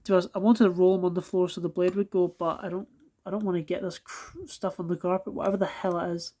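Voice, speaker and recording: A woman's voice: lowish voice, flat delivery, fast, dark tone. Swearing, exasperated Scottish woman unboxing. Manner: swears constantly, exasperated, keeps apologizing. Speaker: toy collector reviewing die-cast cars. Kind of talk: casual unboxing vlog. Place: at home, indoors on a carpeted floor.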